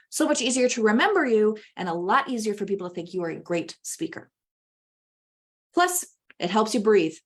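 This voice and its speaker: In this public-speaking webinar, the woman presenting sounds animated, using big swings in pitch to emphasize what she says.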